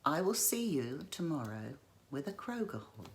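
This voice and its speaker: A woman's voice: sits low, big pitch swings, normal speed. A woman chatting to her viewers in a self-deprecating vlog monologue. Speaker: YouTube haul vlogger.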